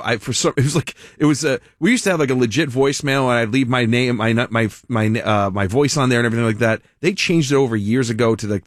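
A male radio host talks on air in a loose, rambling way. He stumbles into restarts and breaks into laughter. His mid-pitched voice sits close and dry on a studio mic. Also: dry recording. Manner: rambling, laughing, self-interrupting. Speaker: radio talk show host. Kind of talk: casual on-air talk.

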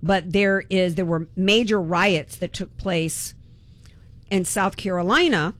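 A woman's voice: medium pitch, fairly even intonation, moderate pace. A woman hosting talk radio, delivering an impassioned, indignant political monologue and repeating words when worked up.

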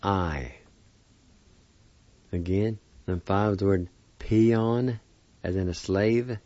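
Slow, low-voiced man teaching a language. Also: fairly even intonation, warm tone, dry recording, muffled recording. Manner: slow, careful syllable-by-syllable spelling and pronunciation. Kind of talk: weekly language lesson.

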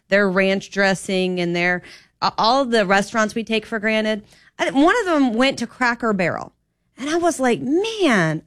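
A woman's voice: mid-range voice, smooth, no room sound. Fill-in talk host, woman, chatty and opinionated, gets emphatic, close dry mic. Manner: chatty, animated, rising to emphatic indignation. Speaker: fill-in radio show host. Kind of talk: opinionated talk radio monologue.

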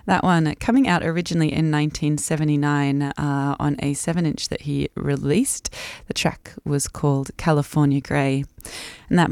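A woman's voice: low-pitched, darkish tone, no echo. A woman with an Australian accent hosting a breakfast radio show from a studio, chatting casually and emotionally, laughing often. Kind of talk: casual on-air chat. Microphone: studio microphone.

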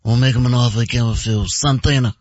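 A man doing a rushed impression of an older male mafia boss, lower than his own voice. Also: steady tone, muffled recording, noisy background, close to an everyday voice. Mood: menacing. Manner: quick, rushed delivery.

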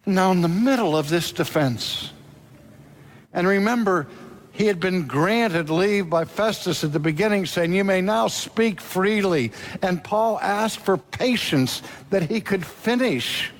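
A man preaching a sermon and retelling a scripture story with drama, talking straight to the congregation. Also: high voice. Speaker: pastor and seminary teacher.

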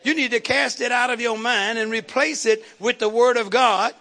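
A man's voice: extremely high pitch, steady tone, normal speed, bright, forceful tone. A man preaching a fiery sermon, calling out to the congregation and repeating words for emphasis.

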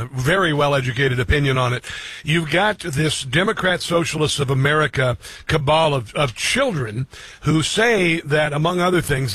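A man hosting talk radio with a husky, fairly high voice. He talks with indignant force, breaking into loud exclamations. The studio sound is dry and close. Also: dry recording.

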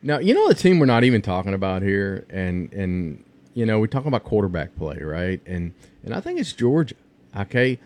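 A man co-hosting a casual sports debate, measured and peppering points with "okay?". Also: lowish voice, big pitch swings, a little mellow, no room sound. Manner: measured, adds tags like "okay?". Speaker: sports talk co-host.

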